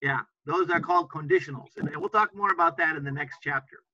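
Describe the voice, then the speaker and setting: A high, very bright male voice talks slowly and patiently through a classroom lesson, repeating examples and checking in with his students. The recording is dull and lo-fi, with a faint hiss underneath. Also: no room sound. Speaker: English teacher. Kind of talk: classroom teaching.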